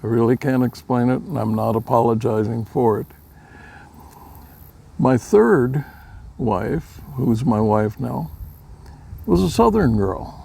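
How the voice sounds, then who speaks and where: An older man from Minnesota, telling folksy personal stories in a plain-spoken, unhurried way, with a gravelly voice. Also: medium pitch, mellow. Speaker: storyteller. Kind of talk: casual personal storytelling.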